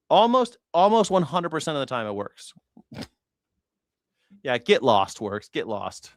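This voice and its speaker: A man's voice: mid-range voice, vocal fry, no room sound, studio quality. A man hosting a casual commentary show, telling stories in a blunt, profane way. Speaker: host.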